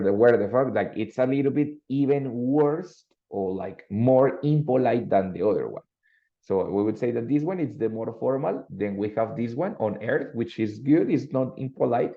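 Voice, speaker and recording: A man teaching English in an online class, speaking. His voice sits low with a gravelly edge. He moves between English and as he walks through examples, and the sound is dull and lo-fi. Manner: switches between English and Spanish, explaining with examples.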